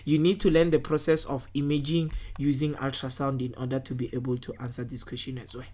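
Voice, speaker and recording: Casting note: woman, very low voice, patient science tutor walking through test answers, keeps asking "right?". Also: flat delivery, fairly quick, mellow. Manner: checks in often with "right?"; talks through worked answers step by step.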